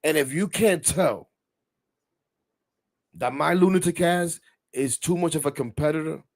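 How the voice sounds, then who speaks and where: Male sports podcast host, middle-aged, animated and rambling, swears, gets heated. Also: on the high side, vocal fry. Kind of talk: casual sports talk podcast.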